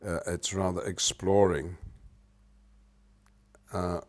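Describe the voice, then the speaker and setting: An older man from Britain, an actor in an interview, explaining with animated swings between loud and soft and humming rhythms as he goes. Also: deep voice, takes it slowly.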